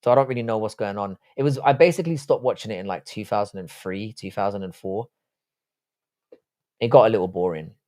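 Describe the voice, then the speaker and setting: A man's voice: lowish voice, brisk, dark tone, no echo, studio quality. A man in his forties who grew up in England, hosting a live stream and reading viewer comments in crude, profane banter.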